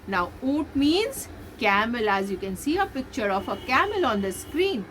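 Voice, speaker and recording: A woman teaching young children as a nursery teacher, slowly repeating letter sounds in a sing-song way. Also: on the high side, big pitch swings, fairly bright tone, a little hiss or hum. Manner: sing-song, slow drilled repetition of sounds. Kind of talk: recorded online lesson for young children.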